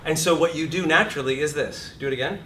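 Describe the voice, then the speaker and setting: Animated fifty-something acting teacher, swearing. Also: male voice, fast talker. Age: 50s. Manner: animated, swearing, self-deprecating storyteller. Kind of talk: live seminar talk. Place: classroom seminar. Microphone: distant room mic. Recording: echoey room, far mic, rumbling noise.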